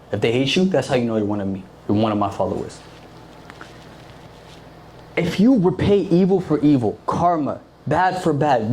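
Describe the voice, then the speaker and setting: A man's voice: mid-range voice, expressive, normal speed, pauses often, a little mellow, a little hiss or hum. A young man giving a casual, conversational sermon to a youth group, full of fillers and acted-out quotes. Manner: conversational, filler-heavy, acts out quoted voices. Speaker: youth preacher.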